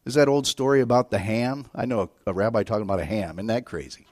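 A middle-aged man preaching a sermon as a guest preacher, telling stories and swinging between hushed and loud, excited delivery. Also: fairly low pitch, fast, no echo, clean studio sound.

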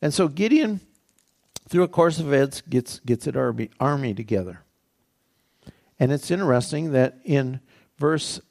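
Gravelly male pastor preaching conversationally. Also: medium pitch, darkish tone. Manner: conversational preaching, repeats phrases and asks rhetorical questions. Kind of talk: sermon teaching.

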